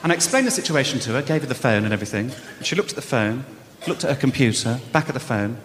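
A male stand-up comedian from the English Midlands telling an animated story, laughing into his lines, recorded live with audience noise. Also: mid-range voice, quick pace, long reverb tail.

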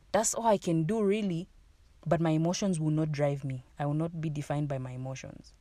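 A woman's voice: fairly low pitch, dark tone, dry recording. A young woman hosting a podcast, talking in a casual, earnest, encouraging way and repeating phrases for emphasis. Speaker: podcast host. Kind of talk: casual motivational monologue.

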